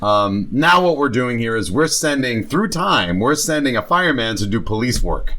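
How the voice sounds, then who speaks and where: A man's voice: mid-range voice, sing-song, normal speed, bright, forceful tone. A man co-hosting a film podcast, giving blunt, opinionated takes in casual chat and swearing now and then. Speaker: podcast co-host.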